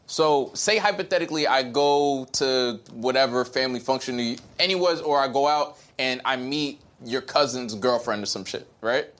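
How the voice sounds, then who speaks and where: A man's voice: medium pitch, normal speed, hardly any pauses, fairly bright tone. A young man in casual podcast chat, laid-back and slangy.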